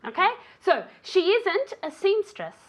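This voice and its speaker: A woman's voice: extremely high pitch, wildly swooping pitch, unhurried, fairly bright tone, slight background noise. A woman teaching an English lesson on a show, encouraging a student and the viewers at home, often checking in with "okay?". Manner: encouraging, ends phrases with "okay?".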